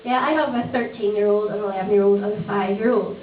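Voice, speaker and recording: A woman in her thirties with a Northern Irish accent does a chatty, brash stand-up set in a small comedy club, swearing freely and laughing often. Her mid-range voice is fast and fairly even, picked up on a handheld stage mic. The recording sounds tinny, distant, and echoey, with a noisy background.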